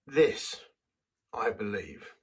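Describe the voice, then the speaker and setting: A man's voice: fairly low pitch, very animated, drawn-out words, slightly rough, far from the mic, low-quality recording. A man preaching a sermon, telling a personal story in a conversational, self-deprecating way.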